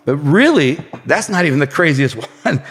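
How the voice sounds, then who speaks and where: A man's voice: fairly high pitch, sing-song, normal speed, a bit bright. Slangy storytelling man, hall echo. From Detroit, United States. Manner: vivid, slangy, acts out scenes with sound effects. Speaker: podcast guest. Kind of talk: casual storytelling. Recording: long hall reverb, faint music behind.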